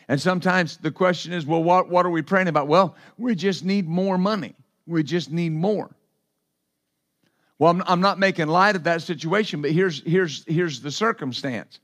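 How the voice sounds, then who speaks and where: A man's voice: high voice, a bit bright. A man preaching a sermon as pastor, emphatic and repetitive, with asides to the congregation.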